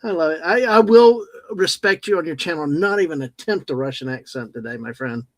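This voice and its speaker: Brief: chatty joking man guest on a live stream, high-pitched, dry mic. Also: animated, brisk, no room sound, poor audio. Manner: jokey, chatty, restarts often. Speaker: guest co-host. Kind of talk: casual chat on a livestream.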